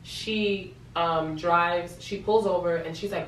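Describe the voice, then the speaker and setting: A woman's voice: on the low side, fairly even intonation, measured pace. A young woman from New York tells a personal story in a casual vlog. She is emotional and repeats words for emphasis. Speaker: vlogger. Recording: echoey room, from a distance, faint hum.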